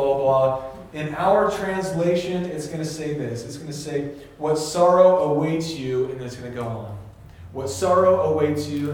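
A young man giving a casual sermon, animated and laughing, acting out voices in his stories. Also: fairly high pitch, a little hiss or hum. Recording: very echoey room with faint ambience.

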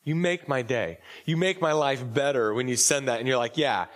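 A man's voice: mid-range voice, fairly quick. A man preaching a casual, joking sermon as a pastor at a church service, his voice slightly off while recovering, with many fillers and restarts. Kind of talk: conversational sermon.

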